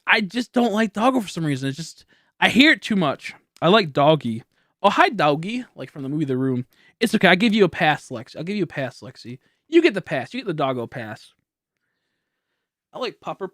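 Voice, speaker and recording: Streaming from his home setup, a man in his late twenties talks into a high-end studio microphone with a dry sound. His voice is a bit high and fairly bright; he's slow on the draw, rambling and laughing loosely as he chats and reads out donations.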